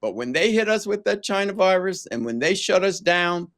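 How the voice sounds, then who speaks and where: A man's voice: high voice, expressive, normal speed, fairly bright tone. Emphatic male talk show host. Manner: emphatic, rhetorical questions. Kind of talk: political interview.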